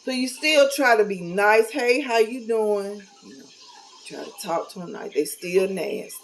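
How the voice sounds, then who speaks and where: A woman's voice: mid-range voice, sing-song, moderate pace, creaky, a bit bright, a little hiss or hum, low-quality recording. A middle-aged woman talking casually to camera, candid and blunt, with a folksy, preachy manner. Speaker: vlogger.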